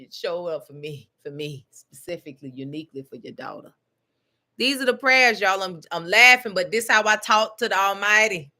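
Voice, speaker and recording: A woman leading a spoken prayer and meditation, laughing often as she talks aloud to God, then settling into a slow, soothing cadence. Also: on the high side, pushed and bright. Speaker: spiritual teacher.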